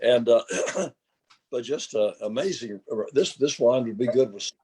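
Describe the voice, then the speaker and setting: An older man, hoarse today, describing a wine slowly with many pauses and fillers. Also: mid-range voice, dark tone. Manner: slow, hesitant, with frequent filler sounds. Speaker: winery founder.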